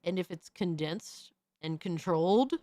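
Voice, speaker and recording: A young adult woman streamer doing profane, excitable reaction commentary, often shrieking in disbelief. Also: lowish voice, unhurried, background noise.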